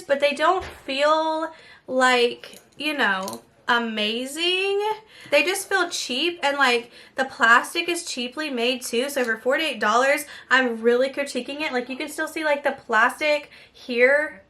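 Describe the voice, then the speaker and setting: Woman beauty vlogger, high-pitched, candid chatty unboxing delivery. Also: slow pace, sharp tone. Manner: chatty and frank, many fillers. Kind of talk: casual unboxing chat.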